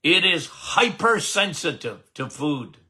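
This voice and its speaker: A man's voice: a little high, big pitch swings, slow pace, pushed and bright. An older man, a doctor hosting a podcast, talking casually and emphatically to his listeners, repeating himself for effect. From Canada. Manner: emphatic, repetitive, folksy, addresses listeners as guys. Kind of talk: casual health talk to listeners.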